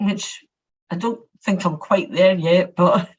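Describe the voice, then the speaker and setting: A Scottish woman sharing personal reflections, halting and often repeating her words. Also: fairly low pitch, breathy edge. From Scotland. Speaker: workshop participant. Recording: muffled lo-fi audio.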